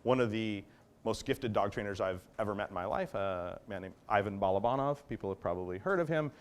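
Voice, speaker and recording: A man's voice: fairly low pitch, a little fast. A man, a dog trainer, giving a conversational workshop talk, explaining and often checking in with his listeners. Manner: acts out commands in varied tones. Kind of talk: workshop lecture.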